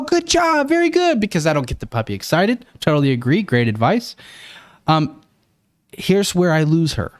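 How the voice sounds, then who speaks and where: A man who trains dogs, hosting a podcast: he reads out a list of steps, then gives his own opinion in a relaxed, conversational way. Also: mid-range voice, dry recording, studio quality. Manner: conversational, with fillers and restarts. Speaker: dog trainer and podcast host. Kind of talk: casual podcast commentary.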